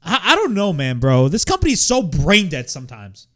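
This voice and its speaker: A man's voice: on the high side, wildly swooping pitch, moderate pace, a bit bright. A young man hosting a wrestling watch-along, ranting in exasperation, swearing and repeating himself. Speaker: wrestling reaction host.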